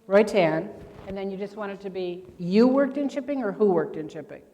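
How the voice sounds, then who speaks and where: A woman from Indiana teaches grammar to a convention crowd, tossing out questions and answering them herself. Her voice sits at a middle pitch for a woman. A long reverb trails her words through the large hall. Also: mellow. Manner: quizzing the audience with quick questions and answers. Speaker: grammar instructor at a court reporters' convention. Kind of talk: interactive classroom lecture. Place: convention meeting room.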